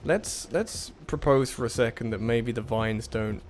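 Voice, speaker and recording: A man's voice: medium pitch, unhurried, a little hiss or hum. A man doing casual gameplay commentary on a puzzle game, muttering to himself as he works things out, with self-deprecating asides and sudden frustrated outbursts.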